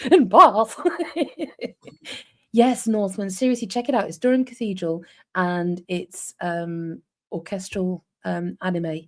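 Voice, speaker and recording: A woman's voice: lowish voice, fairly even intonation, slow pace, dark tone. A woman in her forties from North East England, chatting casually with viewers and laughing often on a live stream. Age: 40s. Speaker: livestream co-host. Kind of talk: casual livestream chat with viewers.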